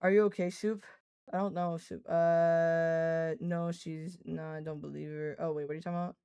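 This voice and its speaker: A woman's voice: low voice, level tone, moderate pace, dark tone, smooth, no echo. Casual, swearing young woman streamer. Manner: swears freely, laughs often, scolds her cat mid-sentence. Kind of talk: casual live-stream chat.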